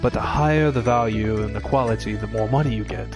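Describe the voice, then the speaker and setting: A man's voice: fairly low pitch, quick pace. A man giving casual gameplay commentary, chatting and explaining tips to his viewers. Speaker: let's play streamer. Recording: game music behind the voice. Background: game music.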